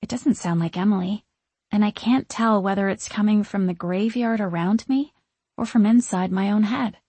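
Woman audiobook narrator, first person, expressive; husky voice, dry close recording. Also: mid-range voice, normal speed, no echo.

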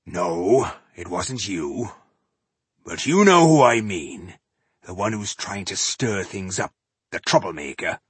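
A man voicing a gruff, boastful male dwarf warrior who talks in a blustering, commanding way. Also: sits low, animated, slow, dry recording, heavily acted. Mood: suspicious.

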